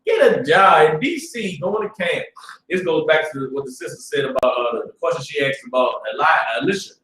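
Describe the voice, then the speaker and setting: A man with a fairly high voice preaches to a class in a loose, streetwise way, dropping to a mutter and then rising to loud bursts. He keeps checking in with his listeners. The sound is roomy and echoing, and he stands some way back from the mic. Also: animated, a little fast, distant mic. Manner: streetwise, repeats "you understand?", swings from low mutter to loud bursts. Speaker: religious class teacher.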